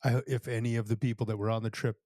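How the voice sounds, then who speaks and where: A man's voice: mid-range voice, little pitch movement, fast, darkish tone, dry recording, studio quality. A man co-hosting a podcast in casual chat, chiming in with short supportive replies. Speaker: podcast co-host.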